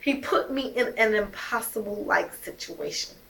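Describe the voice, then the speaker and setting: A woman's voice: fairly high pitch, normal speed, gravelly, bright, forceful tone. A young woman telling her own story as a mother, emphatic and heated, swearing often. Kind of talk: emotional personal storytelling.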